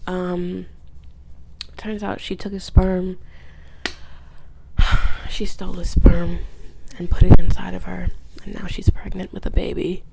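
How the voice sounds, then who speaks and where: A woman's voice: fairly low pitch, level tone, measured pace, vocal fry, long pauses, heavy background noise. A woman vlogger giving a casual, rambling, profane recap, often dropping into whispered asides. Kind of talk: casual video essay recap.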